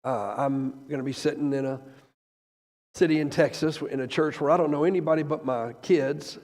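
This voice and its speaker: An older man preaching, emotional and rambling at first, then rising loud and fervent. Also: a little high, moderate pace. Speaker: traveling preacher. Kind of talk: sermon. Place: church sanctuary. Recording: echoey church hall.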